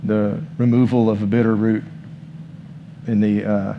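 A man's voice: lowish voice, level tone, unhurried, phone-quality sound, a little hiss or hum. A man giving a conversational sermon as pastor, talking informally and leading the room in prayer.

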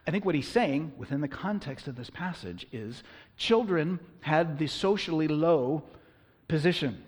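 A male pastor delivers a sermon in a husky, fairly high voice. He talks conversationally and hits key words with sudden loud emphasis. A long reverb trails each phrase, as in a church hall. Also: lively intonation, a little slow.

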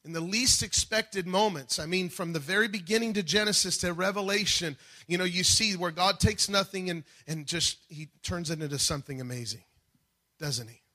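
A man preaching a sermon, moving between quiet reflection and loud, emphatic calls. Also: high voice, moderate pace. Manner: dynamic preaching, swings from soft to shouting. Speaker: pastor.

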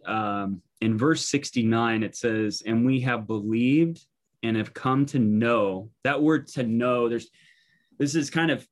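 Casual, rambling male Bible teacher. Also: mid-range voice. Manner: informal, thinking aloud, frequent fillers and restarts.

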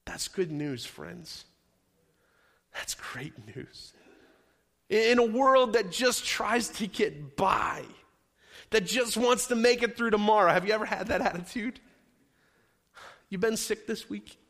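A male pastor with a notably high voice delivers a sermon, driving his points home through repeated, rhythmic phrases. His voice rings out with a long reverb in a large church hall. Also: lively intonation, slow, a bit bright. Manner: emphatic preaching with repeated building phrases. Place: church sanctuary.

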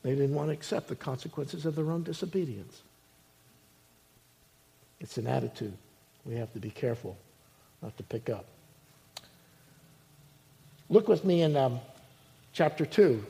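A male pastor preaching a sermon, swinging between loud emphasis and quiet asides. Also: medium pitch, lively intonation, measured pace, vocal fry, pauses often.

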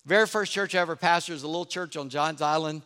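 A man from Charleston preaching a sermon as pastor, telling stories with animated energy and dropping to a hush for effect. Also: on the high side, fast, clear, resonant tone. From Charleston, South Carolina. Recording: long hall reverb.

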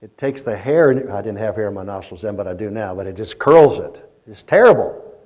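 A man preaching a sermon as a pastor, telling stories and swinging between loud emphasis and quiet asides. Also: fairly low pitch, brisk. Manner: storytelling preacher, rising and falling in intensity. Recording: muffled lo-fi recording.

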